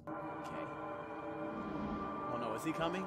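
A young male streamer with a high voice, talking through a horror game in loose, slangy, profane banter on a streaming mic. Loud game music plays behind him throughout. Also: expressive, measured pace. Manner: loose slangy profane chatter, screams when scared. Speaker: gaming streamer. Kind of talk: casual game commentary.

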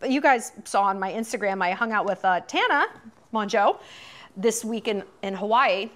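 Chatty, animated woman host. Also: medium pitch, normal speed. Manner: chatty, profane, animated, lots of fillers. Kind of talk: casual commentary monologue.

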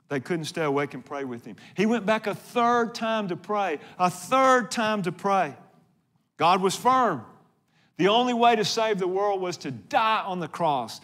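A male pastor preaching a sermon, earnest and dramatic, often asking the congregation questions. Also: sits high.

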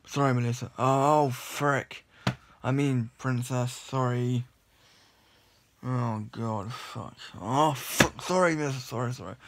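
A man's voice: mid-range voice, slow pace, noisy background. A young man from the UK ranting in a vlog, annoyed and rambling, with many restarts and blunt complaints. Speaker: vlogger.

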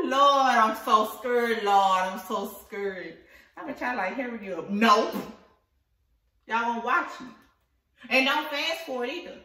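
A woman who runs a small business, chatting excitedly to her viewers while she unboxes a package, laughing often, with the camera set some way off. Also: fairly high pitch, recorded from a distance. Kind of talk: casual vlog chat to viewers. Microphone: camera at a distance. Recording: echoey room, voice off-mic.

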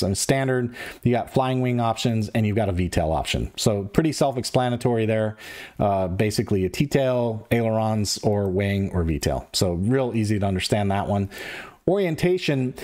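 A middle-aged man talks through device settings in a relaxed, plain-spoken way. He repeats himself and reaches for homely comparisons, his voice sitting at an ordinary male pitch. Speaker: host of a radio-control gear channel. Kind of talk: casual screen-share tutorial.

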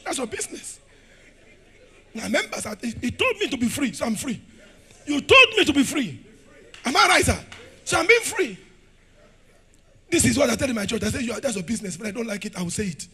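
Fiery, high-pitched Nigerian pastor preaching. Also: male voice. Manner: fiery, shouting, laughing, rhetorical questions. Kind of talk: sermon. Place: church.

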